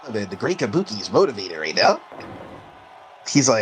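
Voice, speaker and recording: A man hosting a gaming stream, chatting casually with friends and breaking into excited play-by-play of the match. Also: on the low side, moderate pace, a little hiss or hum. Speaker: streamer and host. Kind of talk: casual gameplay chat and commentary.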